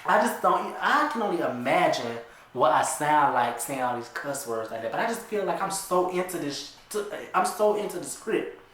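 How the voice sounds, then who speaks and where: A man's voice: on the high side, big pitch swings, normal speed, fairly bright tone. Man casually reading a script aloud. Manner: amused, chatty asides. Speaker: vlogger. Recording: very echoey room.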